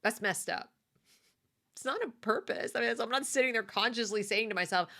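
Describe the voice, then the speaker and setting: A woman's voice: fairly high pitch, brisk, bright, forceful tone. An American woman living in the South gives a conversational, opinionated monologue with fillers and restarts. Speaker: commentary host.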